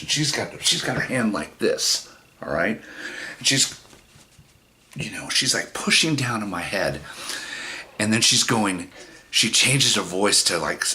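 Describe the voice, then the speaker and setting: Lively, swearing man telling a story. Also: on the low side, moderate pace. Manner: animated, profane, acts out the dialogue. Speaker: vlogger. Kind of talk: casual storytelling to camera.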